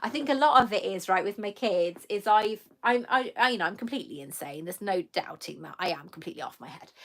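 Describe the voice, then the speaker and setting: A middle-aged woman talks casually into a computer mic during a live stream. She rambles, warm and self-mocking, and breaks off to greet viewers by name. Her pitch sits in the middle of the usual range for a woman. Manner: chatty and self-mocking, reading comments aloud, laughing often. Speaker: YouTuber answering live chat.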